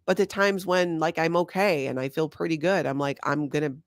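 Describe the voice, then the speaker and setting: A woman's voice: on the low side, brisk, dry recording, clean studio sound. A woman from Hawaii with a Hawaiian accent touched by Minnesota, chatting casually with viewers on a livestream and laughing often. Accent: Hawaiian with a slight Minnesotan tinge. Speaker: host reading live chat.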